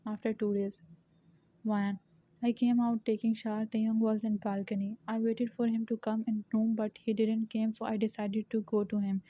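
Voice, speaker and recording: Flat-voiced woman reading fan fiction. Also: on the high side, moderate pace. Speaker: story reader. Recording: dull lo-fi recording.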